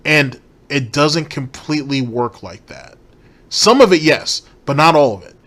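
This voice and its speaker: A man's voice: on the high side, animated, unhurried, fairly bright tone. A man giving blunt, profane reaction commentary, driving points home with repetition.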